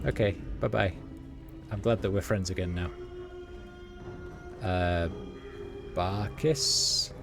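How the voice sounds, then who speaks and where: A man on a live game stream, chatting and reacting aloud as he plays. His voice sits low and easy. Game music plays clearly in the background. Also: fairly even intonation, slow, long pauses. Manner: chatty, reacting aloud while reading dialogue. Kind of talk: casual live game commentary.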